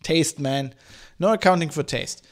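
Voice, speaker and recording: A hoarse male podcast host talks on his own in a loose, rambling way, swearing and restarting his sentences. His voice sits a little higher than most men's and has a gravelly fry. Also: measured pace. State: hoarse from hay fever. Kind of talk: casual solo podcast chat.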